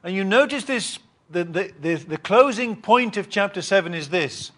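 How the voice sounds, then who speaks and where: A man preaching a Bible teaching sermon, reading scripture and explaining it with emphatic rises and pauses. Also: high-pitched, animated, fairly bright tone. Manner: reads scripture aloud and repeats words.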